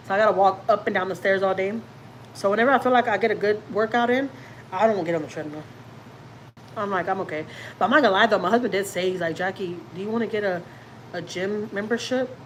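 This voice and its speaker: There's slight background noise and the audio is poor as this mid-range-voiced woman talks. She's a Houston, Texas family vlogger on a home livestream, chatting casually, rambling, and joking at her own expense as she reads comments aloud.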